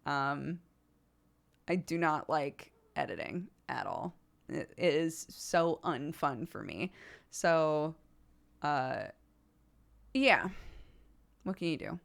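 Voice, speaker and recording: A woman's voice: deep voice, lively intonation, slow, creaky, pauses often. A young adult woman streamer chatting casually, theatrical and self-deprecating, often laughing and acting out quotes. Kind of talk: casual chat.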